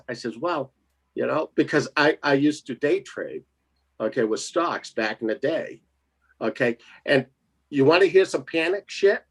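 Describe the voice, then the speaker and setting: A man's voice: medium pitch, animated, a little slow, slightly rough. A man telling a story in casual chat, laughing often and acting out the other voices in it. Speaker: co-host.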